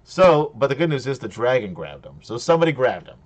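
A man's voice: mid-range voice, sing-song, quick pace. A man running a tabletop game as game master, narrating casually and laughing often.

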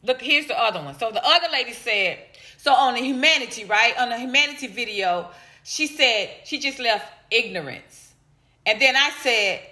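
Reading viewer comments in a casual vlog, an Atlanta stand-up comedian speaks straight to her audience at a moderate pace. Her high, bright voice is lively and playful, stretching out teasing repeats. Noticeable echo fills the room.

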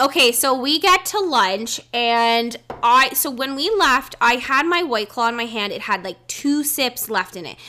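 A young woman with a bright, crisp tone and a slightly high pitch co-hosts a casual podcast. She is blunt and swears freely while telling her side of the story. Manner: blunt, profane, chiming in. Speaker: podcast co-host.

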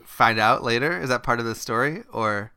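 Bright, curious podcast co-host. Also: medium pitch, normal speed, clean tone. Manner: curious, asks many questions, laughs often. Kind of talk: casual comedic banter.

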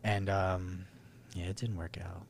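A man's voice: deep voice, measured pace, vocal fry, slight background noise. Profane young man with Philly-twang. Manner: profane, animated, laughing storyteller. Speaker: podcast co-host. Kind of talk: casual storytelling.

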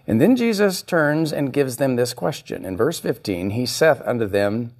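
A man's voice: mid-range voice, sing-song, normal speed. A male pastor preaching a sermon, reading scripture and acting out the voices he quotes. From United States.

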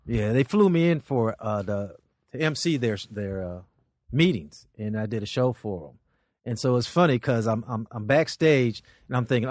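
Male comedian guest, lively pitch, dry close mic, rambling and animated. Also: normal speed, dry recording. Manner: rambling, animated, with many restarts. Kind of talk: casual storytelling chat.

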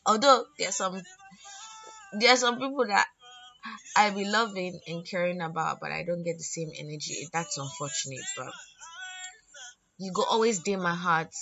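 A woman's voice: lowish voice, normal speed, gravelly, long pauses. A woman hosting a casual solo podcast, talking in an earnest, reflective way. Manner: reflective, earnest, slightly preachy. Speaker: podcast host. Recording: dull lo-fi audio with music underneath.

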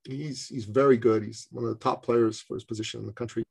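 A middle-aged man from Canada telling a personal story in conversation, animated and acting out the voices of others. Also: mid-range voice, fast talker, vocal fry, breathy edge. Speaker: speaker and business coach.

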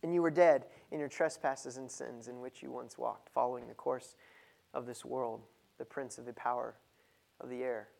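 Man preaching, swelling to loud emphasis. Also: fairly even intonation, vocal fry. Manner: builds from low and measured to loud and emphatic. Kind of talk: sermon.

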